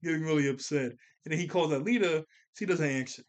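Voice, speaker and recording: Animated young man reviewing a cartoon. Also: fairly high pitch, fast talker. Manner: animated, slangy, laughs often while recapping. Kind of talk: casual episode recap and review.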